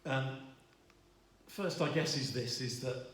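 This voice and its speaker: A middle-aged man, preaching a sermon in a halting way, with many restarts and fillers. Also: mid-range voice, fairly bright tone, recorded from a distance, a little hiss or hum. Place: church hall. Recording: roomy echo, voice from afar.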